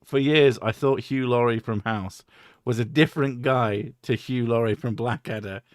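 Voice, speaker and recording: A man's voice: medium pitch, moderate pace, no room sound, studio quality. A man hosting a stream, rambling and swearing, laughing often in casual chat. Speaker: streamer host.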